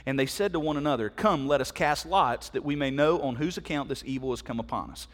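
Here a middle-aged pastor's sermon unfolds at a slightly quick pace in a medium-pitched voice. He is emphatic and chatty, regularly questioning his listeners directly, while a long hall reverb lingers.

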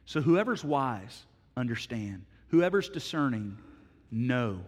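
A man's voice: mid-range voice, moderate pace. Emphatic preacher man in a reverberant hall. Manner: storytelling, swings from hushed to loud and emphatic. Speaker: pastor. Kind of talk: sermon.

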